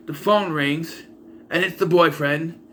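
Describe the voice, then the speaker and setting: A man's voice: a little high, fairly even intonation, slow, pushed and bright, a little hiss or hum. A young man casually reviewing a movie in a rambling, sarcastic way, often restarting his sentences.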